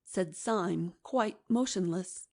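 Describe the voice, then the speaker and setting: A woman's voice: lowish voice, takes it slowly, vocal fry, mellow. Woman narrating a classic novel. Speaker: audiobook narrator. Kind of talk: scripted narration.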